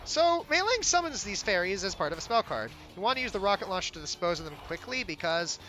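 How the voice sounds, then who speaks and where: A young man with a high, bright voice talks over his own game, his pitch bouncing up and down as he explains things. His tone is casual and self-deprecating, and he often restarts his sentences. Game music plays faintly underneath. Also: very animated, fast talker. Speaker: game developer giving commentary. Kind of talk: gameplay commentary.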